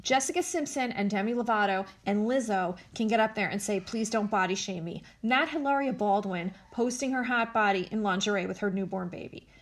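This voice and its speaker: A woman's voice: mid-range voice, fairly quick, few pauses. A woman hosting a casual commentary show, blunt and sarcastic, swearing freely as she talks.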